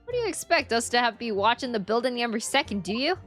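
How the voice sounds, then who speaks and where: A woman streaming a game, chatting excitably with her viewers, her voice tired and worn. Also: on the high side, fast talker, soft background music. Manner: excitable, chatty with chat, self-mocking. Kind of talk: casual chat while gaming.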